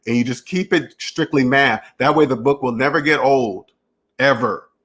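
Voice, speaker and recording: A man's voice: mid-range voice, normal speed, fairly bright tone, breathy edge. A man hosting a finance channel, talking in a rambling, repetitive solo monologue and acting out imagined dialogues. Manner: repetitive, restarts phrases, emphatic.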